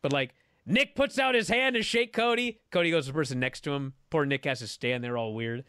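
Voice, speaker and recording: A man co-hosting a podcast, telling a wrestling event as a lively story and acting out what people said. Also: on the high side, brisk, smooth, no echo, studio quality. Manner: animated storytelling, acting out quotes. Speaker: podcast co-host. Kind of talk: casual wrestling recap chat.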